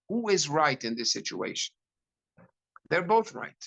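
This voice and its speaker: A middle-aged man, a rabbi, giving a lecture to a class in an animated storytelling way, with frequent restarts. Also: on the high side, unhurried, creaky, low-quality recording.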